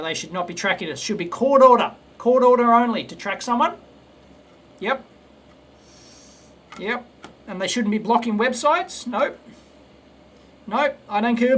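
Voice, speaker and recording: Speaking at a measured pace with long pauses, this Australian electronics host has a high, fairly bright voice. While soldering on a live stream he chats casually, rambling and blunt, full of restarts and stammered repetitions.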